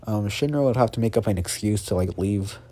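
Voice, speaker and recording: A young man with a lowish, mellow voice tells an improvised fan story at a home microphone. He rambles along casually, full of fillers and restarts. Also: fairly quick.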